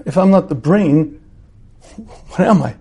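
A man's voice: on the high side, expressive, takes it slowly, creaky, warm tone, husky. A man teaching a religious class in a conversational way, posing rhetorical questions and acting out everyday scenes. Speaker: Torah teacher. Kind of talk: lecture on repentance.

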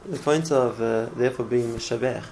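A man's voice: medium pitch, a little fast, darkish tone, a little hiss or hum, low-quality recording. A man teaching a religious class in an earnest way, often repeating words and restarting his phrases. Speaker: Torah teacher.

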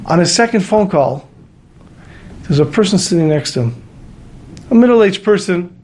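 High-voiced man telling a moral story. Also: normal speed. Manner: animated, shifts into character voices. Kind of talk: storytelling sermon.

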